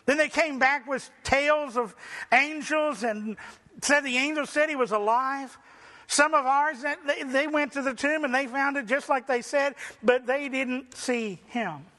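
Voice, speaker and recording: A male preacher giving a sermon with rhetorical questions and dramatic pauses. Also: very high voice, pushed and bright.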